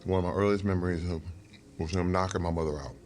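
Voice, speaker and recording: A man's voice: deep voice, fast talker. A middle-aged man, a guest in a casual interview, telling stories and acting out the people in them. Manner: animated storyteller who acts out quoted people.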